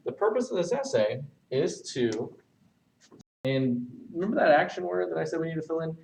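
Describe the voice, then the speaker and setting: A man's voice: a little high, expressive, vocal fry, darkish tone, far from the mic, poor audio. Man teaching a writing lesson. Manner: talks while writing on a board, pausing and self-correcting.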